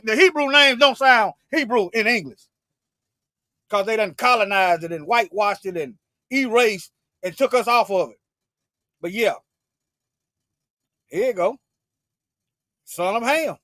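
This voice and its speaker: A man preaching fervently to viewers on a livestream. He swings from loud, forceful bursts to low muttered asides and often repeats and restarts his words. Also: no room sound. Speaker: self-styled Bible teacher on a livestream.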